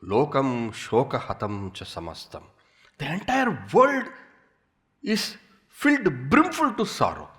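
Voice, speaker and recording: Animated Indian English swami. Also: male voice, medium pitch, slow pace. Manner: animated storytelling with playful repetition. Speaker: swami, spiritual teacher. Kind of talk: spiritual discourse.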